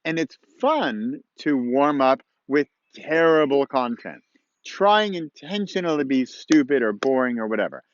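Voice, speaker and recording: Lively, chatty man on a dull recording. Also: mid-range voice, unhurried, dry recording. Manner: chatty, rambling, playful asides. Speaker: host of a motivational podcast-vlog. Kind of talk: casual encouraging talk. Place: outdoors at dawn.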